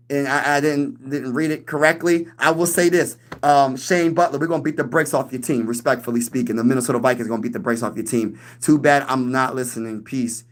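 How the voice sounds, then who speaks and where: With a fairly bright, higher-than-average voice, this young man runs a laid-back sports stream. He gets the crowd hyped, reads out and responds to chat, and talks trash about rival teams.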